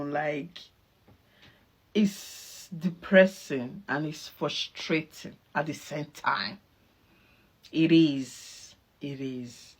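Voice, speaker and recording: Mom chatting about her kid, acts out the convo, laughs a lot, super animated. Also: low voice, extremely slow, slightly rough. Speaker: mother reacting to a clip. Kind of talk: casual storytelling.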